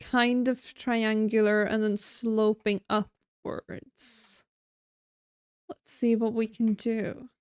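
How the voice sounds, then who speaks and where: A woman's voice: on the high side, flat delivery, slow, darkish tone, smooth, no room sound, studio quality. A woman streaming a game, chatting casually and thinking aloud while she builds, mocking herself now and then. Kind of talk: casual gameplay commentary.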